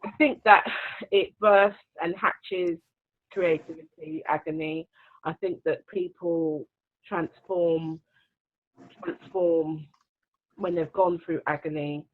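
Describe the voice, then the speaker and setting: A woman hosting a live-streamed book launch, bubbly and quick to laugh as she reads out comments. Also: fairly low pitch, fairly even intonation. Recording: tinny phone-like line.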